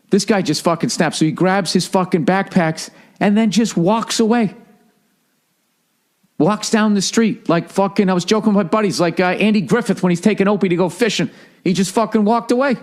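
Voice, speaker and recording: A man's voice: high-pitched, fairly quick. A male comedian and podcast host telling a story in a casual monologue, profane, ranting and incredulous.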